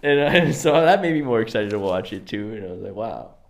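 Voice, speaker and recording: A man's voice: fairly low pitch, big pitch swings, brisk, vocal fry, a little hiss or hum. A young man in his twenties from Kentucky with a Southern twang, co-hosting a podcast in casual, joking chat full of filler words. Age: 20s. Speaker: podcast co-host.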